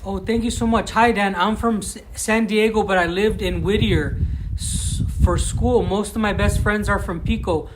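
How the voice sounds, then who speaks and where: A young man with a Southern Californian accent and a fairly high voice, talking loosely to his livestream audience. He restarts sentences often and breaks off to thank viewers. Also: fairly even intonation, normal speed, a little hiss or hum. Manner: chatty, thanks viewers, frequent restarts and fillers. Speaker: livestream vlogger. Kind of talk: casual live-stream chat. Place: outdoors on a rural plot.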